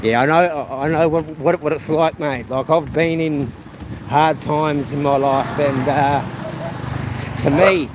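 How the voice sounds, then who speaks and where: A man's voice: on the high side, steady tone, unhurried. Rambling New man streaming outdoors. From New Zealand. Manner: rambling, chatty, reads viewer comments aloud. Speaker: live streamer. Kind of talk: casual walking live stream. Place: outdoors on a rural path. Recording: outdoor noise with passing vehicles. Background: outdoor ambience, animals, vehicles.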